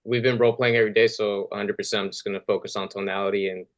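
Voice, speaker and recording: A lower-voiced man answers his coach in a relaxed, agreeable way, saying the feedback is spot on. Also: racing. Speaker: sales trainee. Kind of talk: casual reply.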